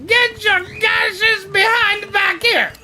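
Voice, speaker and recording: A streamer giving loud, foul-mouthed gameplay commentary and shouting insults at the monsters. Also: very high voice, fairly even intonation, slow pace. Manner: loud, swearing, yelling at monsters. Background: game music.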